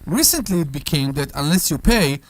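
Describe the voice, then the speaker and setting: A man's voice: on the high side, fairly quick, dry recording. A man who is an English speaker co-hosting a radio talk show in a studio, talking playfully and with feeling. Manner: animated, playful, non-native phrasing.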